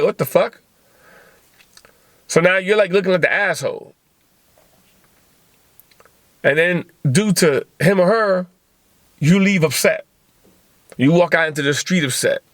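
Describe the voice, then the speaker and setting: A man hosting a podcast, giving a blunt, profane motivational monologue and acting out quick bits of dialogue. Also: a little high, no room sound. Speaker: podcast host.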